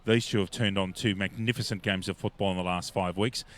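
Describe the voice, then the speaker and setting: A man's voice: low-pitched, fairly even intonation, brisk. A man with an Australian accent, a local football commentator, introducing teams and bantering with his co-host. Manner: warm, bantering announcer. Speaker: sports commentator. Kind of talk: live sports commentary. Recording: faint background noise.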